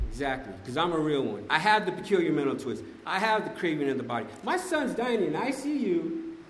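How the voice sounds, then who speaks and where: A man's voice: a little high, a little hiss or hum. A man giving a conversational, emphatic personal testimony at a recovery meeting, often asking "right?". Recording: echoey hall, faint ambience.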